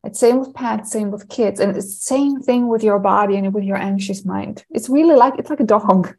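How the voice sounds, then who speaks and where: A woman anxiety coach co-hosting a podcast, talking in an animated, playful way and acting out little scenes. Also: medium pitch, moderate pace, rough recording. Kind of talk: casual podcast chat.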